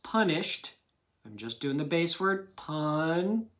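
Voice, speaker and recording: A man's voice: on the high side, lively intonation, slow, a bit bright. A man teaching a children's phonics lesson, patiently sounding out words syllable by syllable.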